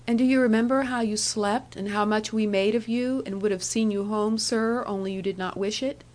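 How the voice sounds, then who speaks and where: Woman reading young woman, higher voice, sweet and coaxing, a bit proud, storybook. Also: fairly even intonation, normal speed, a little mellow, natural voice. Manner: coaxing, pleading.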